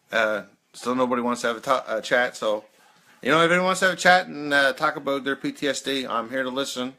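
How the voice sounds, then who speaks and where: Here a man in his thirties runs a peer support live chat, his mid-range voice bright and forceful. He tells rambling stories from his own life, breaking into laughs and saying "man" again and again.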